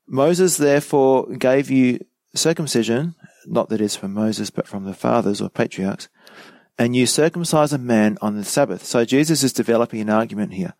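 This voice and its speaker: A man's voice: mid-range voice, normal speed, darkish tone, no echo. Guy doing a verse-by-verse bible study, reads then chats about it, asks you questions, dry close mic. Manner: reads scripture aloud then comments conversationally, asks the listener questions. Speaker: pastor teaching a Bible study.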